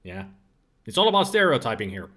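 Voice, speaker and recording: A man's voice: mid-range voice, very animated, brisk, sharp tone. A tired man casually commentating his retro gameplay on a livestream, chatty and prone to laughing, swearing and mocking the game. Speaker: livestreamer playing retro games.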